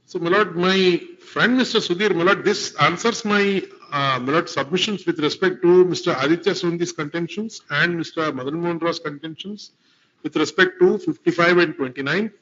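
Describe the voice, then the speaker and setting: High-voiced advocate in court. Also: male voice, moderate pace, fairly bright tone. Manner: formal, deferential, repeats "my lord" often. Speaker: advocate arguing before a court. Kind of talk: formal courtroom argument. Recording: dull lo-fi courtroom recording.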